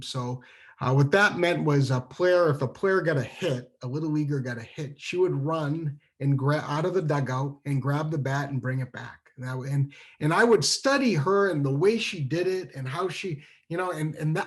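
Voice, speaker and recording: A man from New Hampshire telling a childhood story at a virtual storytelling show, animated and full of restarts, acting out the dialogue. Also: a little high, normal speed. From New Hampshire, USA. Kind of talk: live storytelling over a video call. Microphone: video call microphone.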